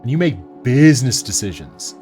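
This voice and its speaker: A man's voice: medium pitch, moderate pace. Streamer, male, mid-range voice, casual and swearing freely, faint music playing underneath. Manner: profane, animated storytelling. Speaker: streamer building and painting miniatures. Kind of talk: casual live-stream chat.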